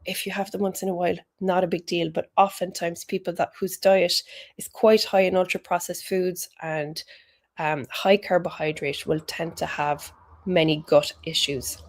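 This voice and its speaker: A woman's voice: lowish voice, flat delivery, normal speed. A woman giving a chatty, encouraging health talk. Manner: chatty and encouraging, with British slang. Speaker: health educator.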